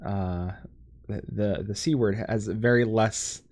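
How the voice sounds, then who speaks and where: A man's voice: fairly low pitch, fairly even intonation, unhurried, darkish tone. An American man hosting a casual gaming podcast, joking, reading chat aloud and laughing often. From United States. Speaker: podcast host.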